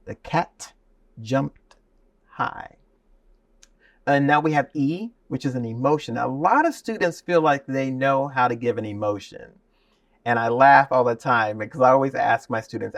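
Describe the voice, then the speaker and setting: A man speaking as a guest and voice teacher in an interview, lively and demonstrative, often laughing. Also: mid-range voice, gravelly, dry recording, distant mic. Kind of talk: animated interview talk with spoken demonstrations.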